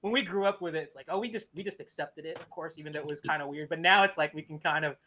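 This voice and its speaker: Male co-host, high and bright tone, animated and emphatic. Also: racing. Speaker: podcast co-host. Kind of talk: casual podcast chat.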